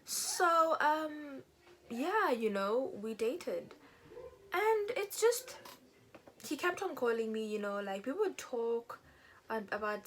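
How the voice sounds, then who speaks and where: Telling a personal story as she gets ready, a young woman from South Africa chats over her makeup routine for her beauty vlog, raising her voice animatedly to act out quotes. Her voice is slightly high and slow with frequent pauses, and there's slight background noise.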